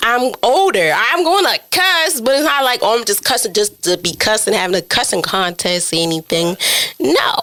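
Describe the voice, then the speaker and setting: Bright-voiced young woman podcast host. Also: fairly high pitch, normal speed. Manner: animated, chatty, acts out her own inner voice. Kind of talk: casual podcast chat.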